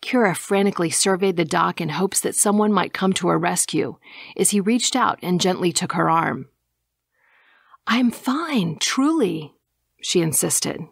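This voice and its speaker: A woman narrating an audiobook in a measured, even reading, dropping to a hush at times. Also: fairly low pitch, creaky, no echo, studio quality.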